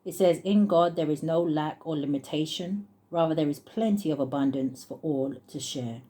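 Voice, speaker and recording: A woman giving a casual tarot reading on her channel, thinking aloud and chuckling as she reads card texts slowly. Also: sits low, mellow, a little hiss or hum. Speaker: tarot reader.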